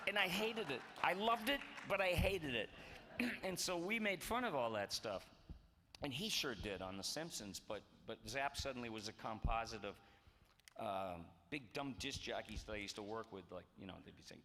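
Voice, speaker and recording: A man in his sixties tells stories on a convention panel, animated and acting out the lines he quotes. His voice is bright and forceful. It echoes through a large hall with faint noise underneath. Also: medium pitch, normal speed. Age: 60s. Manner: animated, acts out quotes, restarts phrases. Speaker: guest voice actor on a convention panel. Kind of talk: storytelling in a panel Q&A.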